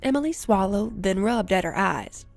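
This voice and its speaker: A woman reading an action story aloud as narrator in a measured storytelling manner. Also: mid-range voice, animated, vocal fry. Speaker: audiobook narrator. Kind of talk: scripted narration. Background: faint music.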